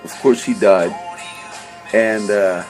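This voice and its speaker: A man's voice: fairly low pitch, steady tone, slow pace, over music, poor audio. A man vlogging in a rambling, chatty way, often losing his train of thought. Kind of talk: rambling casual monologue. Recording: outdoor wind and traffic noise.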